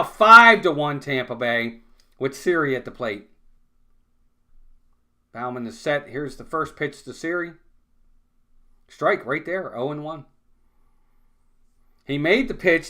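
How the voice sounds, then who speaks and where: A man with a high, bright voice calling a baseball game play-by-play. He talks conversationally between pitches, breaks down strategy plainly, and gets loud and blunt when a play goes wrong. His tone stays lively and sharp throughout. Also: a little slow, pauses often. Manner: conversational, excitable on big plays, blunt criticism. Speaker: fan play-by-play commentator. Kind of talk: live baseball play-by-play commentary.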